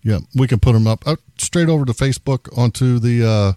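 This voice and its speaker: A man's voice: mid-range voice, a little fast, dark tone, clear, resonant tone, dry recording. A man in a casual group chat, easygoing and agreeable.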